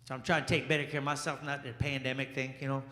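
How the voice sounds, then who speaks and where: A man performing a stand-up comedy set in a small jazz lounge, bantering with the crowd in an animated way. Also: mid-range voice. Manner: animated, crowd-work banter with quick asides. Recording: echoey room with long reverb.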